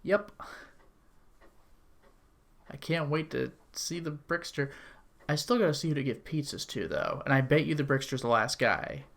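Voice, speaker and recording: A man's voice: on the high side, moderate pace, creaky, long pauses, fairly bright tone. Rambling man streaming a retro game. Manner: chatty and rambling, with frequent "like" fillers. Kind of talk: casual gameplay commentary.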